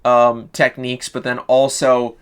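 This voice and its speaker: Guy streaming, rambling out a plot pitch, swears a lot, lots of um and like, mid pitch voice. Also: monotone, a little slow, clean tone. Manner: profane, loose, full of fillers and restarts. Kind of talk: casual rambling story pitch.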